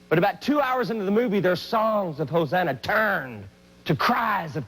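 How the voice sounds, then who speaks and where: A man telling a comic story on stage, animated and hyperactive, with sudden loud outbursts. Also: sits high, normal speed, poor audio. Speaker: Christian comedian and singer.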